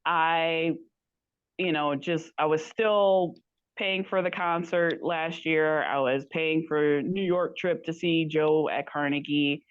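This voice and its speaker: Speaking slowly in a low, steady voice with a clear, resonant tone, a woman guest on a podcast wanders through a story and acts out what others said. There's no room sound, though the audio comes across muffled.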